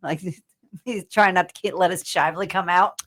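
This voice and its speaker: A woman from Northern Indiana co-hosting a radio talk show, playful and quick to joke, often dropping to a soft murmur. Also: fairly low pitch, fairly even intonation. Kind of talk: casual radio banter.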